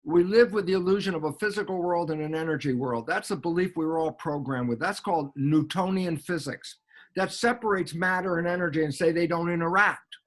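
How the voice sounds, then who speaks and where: Animated older man, high voice. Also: a little fast. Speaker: guest biologist. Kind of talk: explanatory lecture-style talk.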